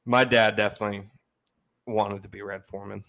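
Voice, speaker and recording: A man co-hosting a podcast, talking in a casual, rambling and animated way. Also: fairly low pitch, gravelly. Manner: animated, rambling, quick asides. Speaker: podcast co-host. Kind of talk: casual chat.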